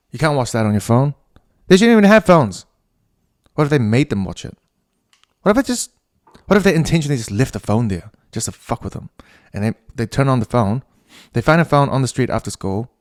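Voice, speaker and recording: A man's voice: medium pitch, big pitch swings. A man with a New Zealand accent hosting a casual solo podcast. He rambles, swears freely and laughs at his own tangents. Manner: rambling, profane, quick to laugh at himself. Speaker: podcast host.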